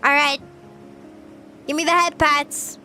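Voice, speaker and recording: A woman's voice: high voice, level tone, slow pace, pushed and bright, soft background music. A young woman streaming casual chat, playful and chatty, often giggling as she reads her chat. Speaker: VTuber streamer.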